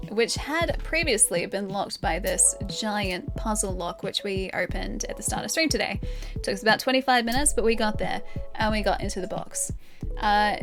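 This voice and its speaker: Australian woman streamer, unhurried delivery, thinks out loud with chat, music playing behind. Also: medium pitch. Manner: thinking aloud, chatting with viewers. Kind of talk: casual live-stream chat.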